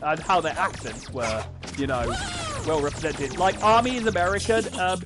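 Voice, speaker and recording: A man's voice: a little high, expressive, normal speed. A young man streaming a racing game, chatting to his viewers in a rambling, stop-start way while he plays. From United Kingdom. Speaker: gaming streamer. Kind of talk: live gameplay commentary. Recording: game music loud under the voice. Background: loud racing game music.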